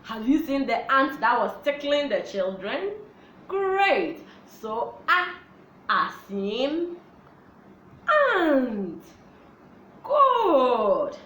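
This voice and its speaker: A woman teaching young children a phonics lesson, in a slow, sing-song, animated way. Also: a little high. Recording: echoey room with faint background noise.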